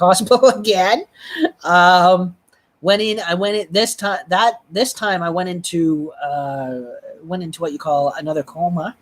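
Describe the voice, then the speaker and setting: A live streamer telling a personal story in a rambling, halting way, with frequent restarts and blunt swearing. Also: mid-range voice.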